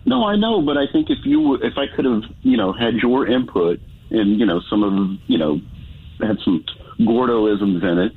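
A man with a low, husky voice rambles through a call-in story, stopping and restarting his sentences. He comes through a tinny phone line. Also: lively intonation, moderate pace. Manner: rambling, hesitant, full of restarts. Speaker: caller. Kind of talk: casual radio call-in chat.

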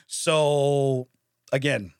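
A man co-hosting a casual chat show, reading odd news stories aloud, laughing often and telling them in a lively way. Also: medium pitch, very slow, clean tone, no echo, clean studio sound. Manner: laughs often, animated storytelling. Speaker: podcast co-host.

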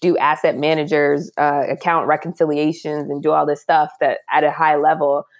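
A woman's voice: low voice, little pitch movement, normal speed. A young woman guest in a casual chat, talking candidly and reflectively in casual slang.

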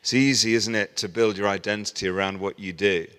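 A middle-aged man preaching a sermon as a pastor, telling stories and lively acting out the people he quotes. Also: lowish voice, brisk, clear, resonant tone. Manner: storytelling, animated voicing of quoted people. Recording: long hall reverb.

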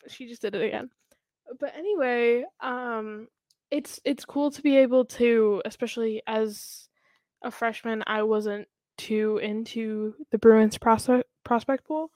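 A woman's voice: on the high side, steady tone, unhurried, a little mellow, no echo. A young woman co-hosting a casual podcast chat who laughs often, leans on "like" and restarts her sentences. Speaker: podcast co-host.

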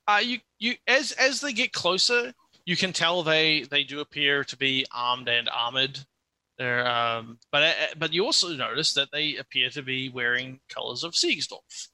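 A man's voice: mid-range voice, normal speed, bright, forceful tone, dry recording. A man narrating as game master of a tabletop game, setting scenes in a loose, descriptive way.

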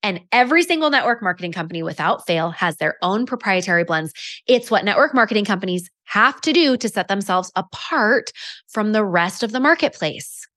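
A woman's voice: mid-range voice, animated, a little fast, fairly bright tone. Chatty woman coaching on sales. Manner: chatty, lots of fillers and restarts; acts out customer dialogue in quotes. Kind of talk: casual coaching monologue.

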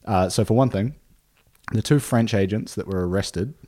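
Low-voiced man casually narrating history. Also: moderate pace, dark tone. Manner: reads notes with fillers and laughs easily. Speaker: podcast host.

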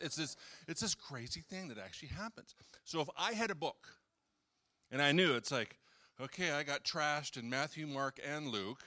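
In a church hall, a pastor with a slightly high, pushed and bright voice gives a relaxed, conversational sermon. He chats with the congregation, cracks jokes, and acts out the quotes he shares.

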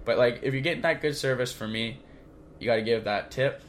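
A young man co-hosting a podcast, chatting casually in an excitable, slangy, rambling way. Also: medium pitch, brisk, a little hiss or hum. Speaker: podcast co-host. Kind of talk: casual chat.

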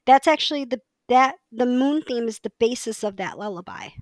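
Woman co-host, casual and eager, higher voice, dry booth sound. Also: expressive, normal speed, no room sound. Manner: chatty, enthusiastic, restarts often. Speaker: podcast co-host. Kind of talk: casual chat.

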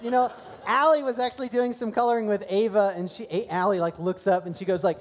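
A man preaching a sermon at a church service, telling stories conversationally and breaking into excited bursts. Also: high-pitched, fast talker. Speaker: pastor. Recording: long hall reverb.

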